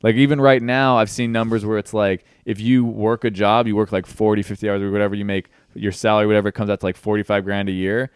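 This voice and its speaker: A man's voice: lowish voice, flat delivery, fast talker, hardly any pauses, clean tone, dry recording. A young man arguing politics on a casual podcast, rambling and swearing as he makes his point, into a studio mic with headphones. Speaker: podcast guest.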